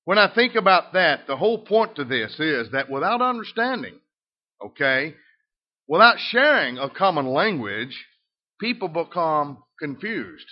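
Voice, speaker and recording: A middle-aged man with a Southern US accent preaching a sermon in a folksy way, switching between emphatic and soft delivery. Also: fairly high pitch, big pitch swings, a little slow. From Southern United States. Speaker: pastor. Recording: dull lo-fi sound.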